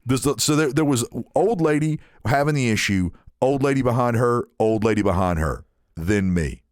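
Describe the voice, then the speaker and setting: A man on a podcast telling a story in casual chat, animated and acting out the people in it. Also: mid-range voice, normal speed, no room sound, studio quality. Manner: animated, acts out quoted people in shifting voices. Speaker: podcast co-host.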